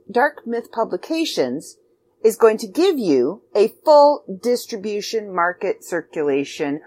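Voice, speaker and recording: A chatty middle-aged woman from Canada gives a casual announcement about a writing contest. Her pitch swings freely from low to high, and she drops in quick, emphatic, self-deprecating asides. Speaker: magazine editor and contest promoter.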